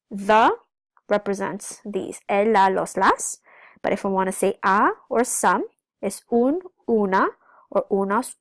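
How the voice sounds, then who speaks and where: Woman teacher, patient step-by-step explainer, mid-pitched voice, dry close recording. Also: no echo. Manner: explains step by step, checks in with "okay?"; switches between English and Spanish. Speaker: Spanish teacher. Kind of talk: recorded classroom lesson.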